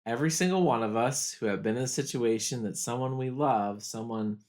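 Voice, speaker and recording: Male pastor doing a study guide talk, earnest, thoughtful, slows down on the big points. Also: mid-range voice, a little mellow. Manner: earnest, reflective, slows down for quoted lines. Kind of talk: video study guide commentary.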